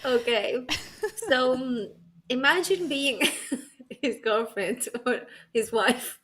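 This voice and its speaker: A woman's voice: high voice, animated, takes it slowly, fairly bright tone. A woman co-hosting a casual chat, joking and laughing often; English is not her first language. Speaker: podcast co-host.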